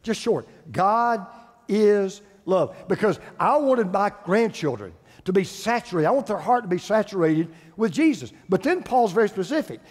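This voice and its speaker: Older pastor with a high voice. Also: male voice, very animated, brisk, hardly any pauses, a little mellow, breathy edge. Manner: emphatic, repeats phrases for stress. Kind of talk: sermon. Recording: long hall reverb.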